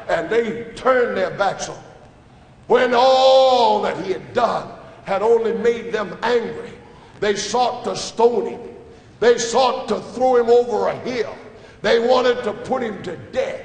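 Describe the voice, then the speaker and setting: A man preaching a sermon in a church, dramatic and emphatic, rising to shouts and dropping to hushed asides. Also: very high-pitched. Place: church sanctuary. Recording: echoey church hall with long reverb.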